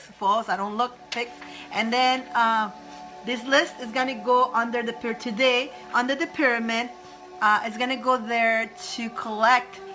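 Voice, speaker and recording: A woman hosting a spiritual live stream, chatting casually and excitedly with viewers. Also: on the high side, low-quality recording. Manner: chatty and excitable, breaks into laughter.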